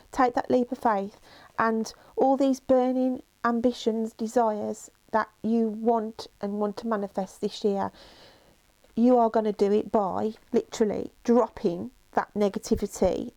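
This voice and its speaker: Brief: woman tarot reader, mellow, emotional and reassuring, dry close sound. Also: on the high side, dry recording. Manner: emotional, reassuring, many fillers and "okay?" checks. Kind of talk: tarot reading monologue.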